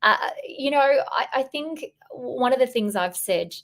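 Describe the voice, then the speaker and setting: A woman's voice: sits high, lively intonation, measured pace, a bit bright. A woman novelist from Australia with an Australian accent, chatting playfully and poking fun at herself in an interview. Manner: playful and self-deprecating, easy laughs. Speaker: novelist guest. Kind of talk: casual interview chat.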